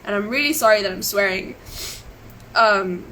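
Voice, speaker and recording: A woman's voice: medium pitch, moderate pace, pushed and bright, a little hiss or hum, low-quality recording. A woman telling her story on a live stream, shaken and close to tears, rambling, apologizing and restarting her sentences. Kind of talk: emotional live stream monologue.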